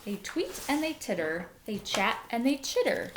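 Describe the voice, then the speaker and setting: Slow, expressive woman reading aloud. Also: fairly high pitch, a little hiss or hum. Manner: slow, expressive storytelling with comments to listeners. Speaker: teacher. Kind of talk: reading a picture book aloud.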